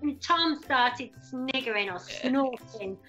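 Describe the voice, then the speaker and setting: A woman's voice: high voice, animated, slow, sharp tone, highs cut off, faint music behind. A woman event organiser chatting casually in an interview and telling stories from her events. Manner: chatty, anecdotal storyteller.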